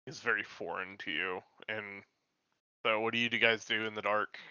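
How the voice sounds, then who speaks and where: A man running a tabletop game as game master, narrating in a relaxed, hesitant way over dull, lo-fi call audio. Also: fairly low pitch, normal speed, clean tone, no room sound.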